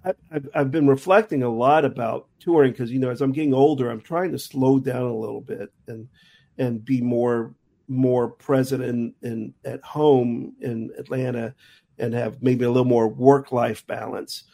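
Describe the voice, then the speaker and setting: A man's voice: medium pitch, fairly even intonation, moderate pace, vocal fry, warm tone. A middle-aged man, a jazz musician and teacher, casually telling a rambling anecdote with many restarts. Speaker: touring jazz musician and college teacher, guest. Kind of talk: casual storytelling in a conversation.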